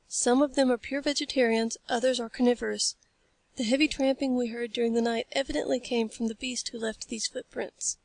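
A composed male scientist from an old adventure story lays out his reasoning step by step, as a woman reads him aloud. The voice sits a little high with a gravelly edge. It sounds close and dry. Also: steady tone, dry recording. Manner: measured, explanatory. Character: calm, learned adult male scientist.

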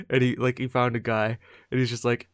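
A man co-hosting a live stream, chatting casually in a jokey, animated way. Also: medium pitch, clean tone, no room sound, clean studio sound. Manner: jokey, animated, quick to laugh. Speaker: stream co-host. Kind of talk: casual chat.

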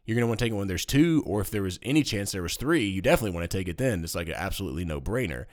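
Lively low-voiced man chatting games. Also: rapid-fire. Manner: animated, jokey, rambling explanations. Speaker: board game podcast co-host. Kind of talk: casual chat. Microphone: studio microphone.

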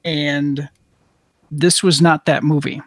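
Man, fairly high voice, slow relaxed podcast talk, hesitant, dry sound. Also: no room sound. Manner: relaxed, hesitant, fills with um and you know. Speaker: podcast co-host. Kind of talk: casual roundtable chat.

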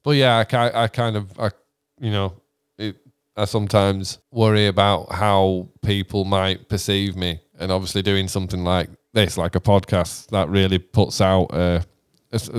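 A man's voice: deep voice, clean tone, dry recording, studio quality. A British man co-hosting a podcast in casual chat, swearing freely and rambling through trailing sentences. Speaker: podcast co-host, musician.

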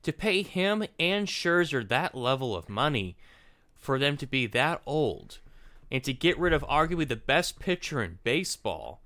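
Podcast co-host, male, bright forceful tone, casual ranting delivery. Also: medium pitch, moderate pace. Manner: animated, repeats and restarts words. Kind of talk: casual opinion chat.

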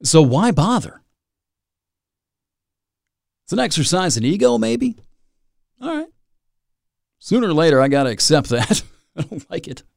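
Gravelly, animated man hosting a podcast. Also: on the high side, measured pace, pauses often, no echo, clean studio sound. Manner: rambling, self-mocking, with dramatic asides. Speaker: podcast host. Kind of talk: solo podcast monologue.

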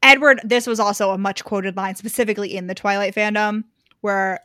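A woman's voice: mid-range voice, steady tone, fairly quick, pushed and bright, no echo, studio quality. A woman co-hosting a podcast in a casual chat, swearing freely and filling her talk with "like". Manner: chatty, swears freely, many "like" fillers. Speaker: podcast co-host. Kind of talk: casual chat recapping a book.

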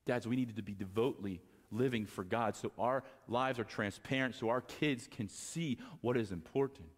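A male pastor preaching a sermon to fathers, impassioned, moving from quiet talk to raised exhortation. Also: medium pitch, moderate pace, in a large hall. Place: church sanctuary.

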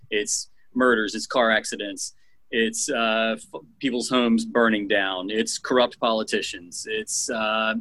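A man, a teacher and former TV news editor, talking reflectively as a guest in a casual interview, with frequent pauses and restarts. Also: mid-range voice, sharp tone, dry recording, rough recording. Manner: reflective, many fillers and restarts.

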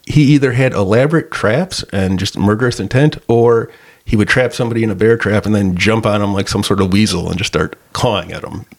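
Gravelly low-voiced man, joking. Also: fairly quick. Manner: rambling, joking anecdotes. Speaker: podcast co-host. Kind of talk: casual movie review chat.

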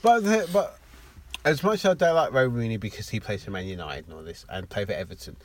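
A man's voice: lowish voice, expressive, fast. Young man, sweary podcast chat. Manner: sweary, stammering restarts. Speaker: podcast co-host. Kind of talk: casual chat.

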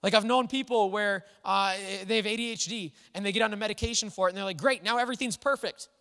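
Man preaching, high bright voice, earnest and conversational, long hall reverb. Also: fairly even intonation, fast talker, smooth. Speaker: pastor. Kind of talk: sermon.

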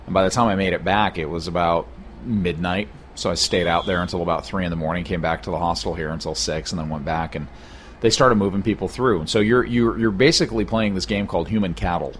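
Low-voiced rambling man telling a story. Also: fairly even intonation, fast talker, a little hiss or hum. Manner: rambling storyteller with many fillers. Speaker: podcast co-host. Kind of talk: casual chat. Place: hostel room.

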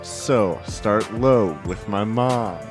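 A man co-hosting a comedy podcast, spinning absurd bits in a deadpan, drawn-out way. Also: on the low side, over music. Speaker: co-host.

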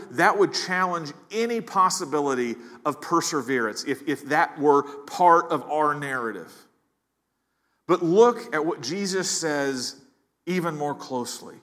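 A man's voice: on the high side, measured pace, a bit bright. A man preaching a sermon as pastor, earnest, often repeating words as he builds emphasis. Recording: long hall reverb.

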